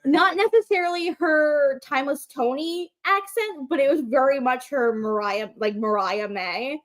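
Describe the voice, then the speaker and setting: Chatty excited woman co-host. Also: high voice, a little slow. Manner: excited and chatty, many fillers, swears. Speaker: co-host of a wrestling call-in show. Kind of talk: casual chat. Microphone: livestream microphone.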